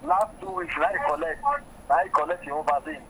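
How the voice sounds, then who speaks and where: A male radio caller speaks Nigerian Pidgin over a phone line with a faint hiss behind him. His voice is bright and fast, and he talks earnestly. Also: high-pitched, wildly swooping pitch, creaky.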